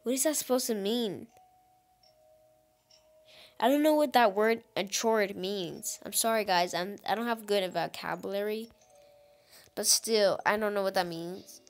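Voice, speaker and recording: A woman hosting a gaming channel, giving excitable let's-play commentary and talking straight to her viewers with frequent exclamations. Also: mid-range voice, unhurried, pauses often, faint music behind.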